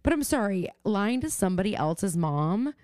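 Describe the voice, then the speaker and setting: A woman's voice: medium pitch, very animated, normal speed, darkish tone, dry recording. A young woman co-hosting a podcast, chatting casually and swearing freely as she acts out quotes. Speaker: podcast co-host. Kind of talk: casual recap chat. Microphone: remote call mic.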